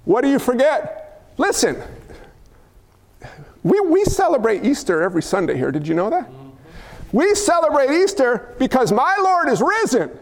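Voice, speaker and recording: A man preaching a lively sermon in a church sanctuary, his voice unusually high. He jokes and acts out little scenes as he goes. The sound carries a long hall reverb. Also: moderate pace, long pauses. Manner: animated, jokey preaching with acted-out quotes. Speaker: pastor.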